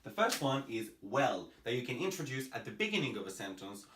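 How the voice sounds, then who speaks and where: A young man from France, teaching English pronunciation to camera, emphatic and spelling out sounds slowly. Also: medium pitch, big pitch swings, fairly bright tone, echoey room, slight background noise.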